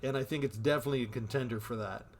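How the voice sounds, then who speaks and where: A man's voice: mid-range voice, very fast, a little hiss or hum. A man giving casual commentary on a card game he is playing, thinking aloud about his moves.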